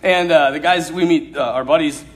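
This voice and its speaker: A man with a voice on the high side preaches at normal speed, telling a funny story with plenty of energy. He laughs through it as he goes, making for an animated, humorous sermon.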